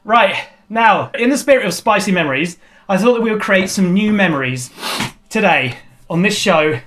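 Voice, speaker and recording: A man's voice: high-pitched, animated, normal speed, a bit bright. A man hosting a comedy hot sauce challenge, talking in a jokey, rambling, theatrical way. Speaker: show host.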